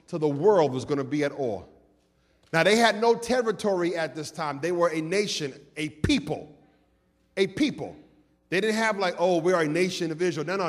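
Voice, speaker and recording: Man, pastor, sermon, high voice, sung and shouted peaks, long hall reverb. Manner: call-and-response preaching, swings from loud sung peaks to low asides.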